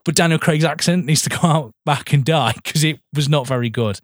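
A man's voice: a little high, fairly quick, no room sound, clean studio sound. A man co-hosting a podcast, chatting casually and rambling through opinions with frequent laughs. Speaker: podcast co-host. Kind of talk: casual chat.

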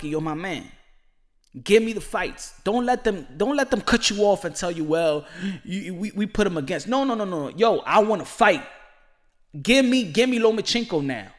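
Emphatic high-voiced male boxing commentator. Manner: emphatic and repetitive, pleading directly to a fighter.

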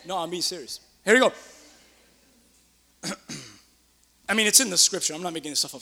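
A man preaching a sermon in church as pastor, excitable, swinging between loud outbursts and quiet asides. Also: a little high, quick pace, in a large hall.

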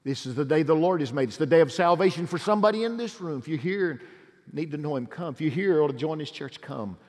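A middle-aged pastor giving a pleading altar call and prayer in a large church, swinging between loud urges and hushed appeals. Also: male voice, fairly high pitch, animated, quick pace. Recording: long hall reverb.

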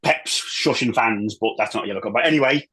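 A man, a former footballer and manager, chatting as a podcast guest in an animated, rambling way, full of restarts and the odd swear. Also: medium pitch, fairly quick, rough recording. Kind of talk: casual chat.

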